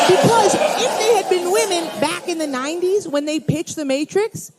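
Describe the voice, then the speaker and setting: A woman's voice: sits high, big pitch swings, fast, far from the mic, background noise. A woman stand-up comedian doing brash, profane crowd work in a comedy club. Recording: roomy live club recording with loud crowd.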